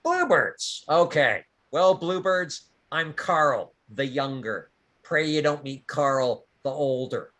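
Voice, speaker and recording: Man doing a bright greedy bogan guy, short and stocky, coarse and wheedly. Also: a little high, expressive, slow pace. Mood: wheedling. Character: gruff grasping male bogan chamberlain, short and stocky.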